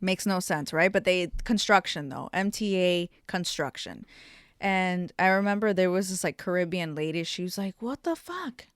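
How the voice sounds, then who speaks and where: A woman's voice: lowish voice, normal speed, clear, resonant tone, dry recording, studio quality. A young woman hosting a solo podcast, telling stories casually with lots of swearing and self-mocking asides. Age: young adult. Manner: chatty, profane, self-mocking. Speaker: podcast host.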